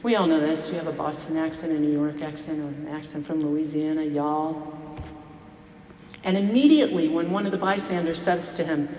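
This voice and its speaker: A woman with a fairly low voice preaches, retelling a story and putting rhetorical questions to her listeners. Her voice rings through a large reverberant hall, captured on a dull, lo-fi recording with faint background noise. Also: moderate pace, a little mellow. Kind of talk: sermon. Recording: echoey hall, dull lo-fi sound.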